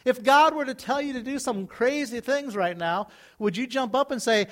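Guy preaching a sermon, kinda high voice, chatty, gets loud then drops real quiet. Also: moderate pace. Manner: conversational, dramatic swings between loud and quiet. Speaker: pastor.

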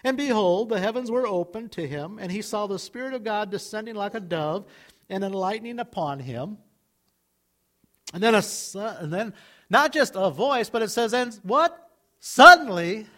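A male pastor delivering a sermon in a high-pitched voice. He talks to the congregation conversationally, swinging from loud, emphatic bursts to soft, low asides. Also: lively intonation, moderate pace. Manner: conversational, dramatic swings between loud and quiet.

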